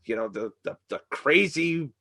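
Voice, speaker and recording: Guy hosting a podcast, kinda high voice, laid back, lots of um and uh. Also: lively intonation, moderate pace, vocal fry, pushed and bright. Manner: easygoing, chuckling, hesitant with fillers. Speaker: podcast host. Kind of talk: casual wrestling review chat.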